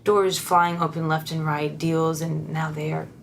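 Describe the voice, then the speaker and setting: A woman's voice: low voice, level tone, measured pace, vocal fry, noisy background. Laughing, candid woman songwriter. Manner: laughs often, warm and candid, with frequent restarts; earnest and encouraging. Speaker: songwriter guest. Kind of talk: casual interview chat.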